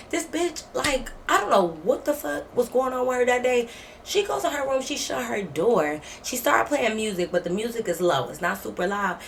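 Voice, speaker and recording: A woman vlogger telling a story in casual storytime style, animated and profane, acting out quoted dialogue. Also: a little high, a little hiss or hum.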